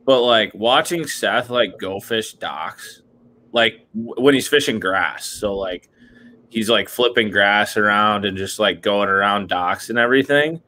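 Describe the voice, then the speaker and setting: A man's voice: lowish voice, a little slow, pushed and bright. A man co-hosting a podcast in a loose, rambling chat, leaning heavily on "like" and "dude". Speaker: podcast co-host. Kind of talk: casual fishing chat.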